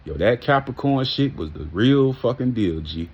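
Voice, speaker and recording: A man's voice: medium pitch, animated, moderate pace, husky. A man telling a casual, heartfelt story, emphatic and full of street slang and profanity. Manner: heartfelt and reminiscing. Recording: muffled lo-fi audio.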